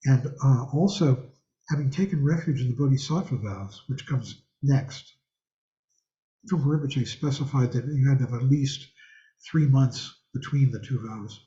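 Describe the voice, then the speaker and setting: An older man gives an online Buddhist teaching from his home, where a thangka hangs, chatting in a meandering style and asking the class questions over video call. He has a mid-range, dark-toned voice at a moderate pace, captured in roomy, slightly dull call audio.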